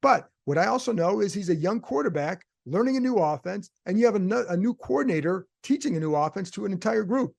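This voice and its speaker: High-pitched, gravelly and animated, he talks fast with few pauses. On his own show, this sports reporter lays out his views in casual solo commentary, thinking aloud and answering rhetorical questions he raises himself.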